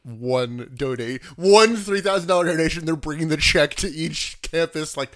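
A man's voice: on the high side, moderate pace, dry recording. Dry-humored man recapping on a podcast. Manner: dry jokey recap narration. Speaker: podcast co-host. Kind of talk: casual chat.

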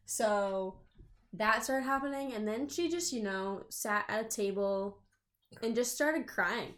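Her voice is fairly high and she takes her time. She's an English woman in her twenties co-hosting a podcast, swearing freely as she bluntly tells animated stories in casual conversation.

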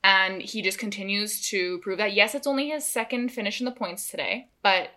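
A young woman from Canada co-hosts a casual podcast chat. Her voice is bright and forceful, and she delivers strong opinions with plenty of laughter. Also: mid-range voice, normal speed. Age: young adult. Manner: animated, opinionated, laughs often. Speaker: podcast co-host.

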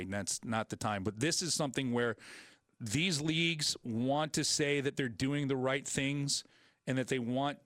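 A man filling in as host on a sports talk radio show, joking and rambling with quick asides. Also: mid-range voice, fairly bright tone, no room sound, clean studio sound.

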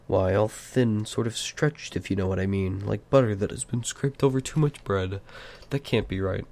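A man's voice: on the low side, normal speed, close to an everyday voice. A man voicing an elderly male hobbit, fussy and possessive, in an amateur audiobook reading. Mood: wistful. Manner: fretful, turning sharp and clutching.

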